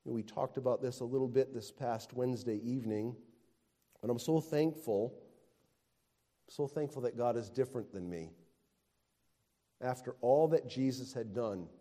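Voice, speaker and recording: A man preaching a sermon, swinging from hushed tenderness to loud emphatic declaiming. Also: mid-range voice. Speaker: pastor. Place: church sanctuary. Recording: long reverb of a large hall.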